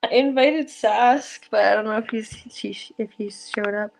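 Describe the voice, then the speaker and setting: A woman's voice: a little high, unhurried, vocal fry, noisy background. A young woman chatting casually on a live stream panel from home, stoned, rambling and laughing often as her sentences trail off. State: stoned and giggly. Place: home room.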